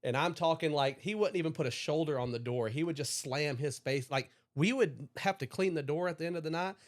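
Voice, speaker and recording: A young man with a slightly higher voice tells long, rambling stories, swearing freely as he goes. He speaks casually, in the loose style of a chat podcast. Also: brisk. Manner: profane, rambling storyteller. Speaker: podcast co-host.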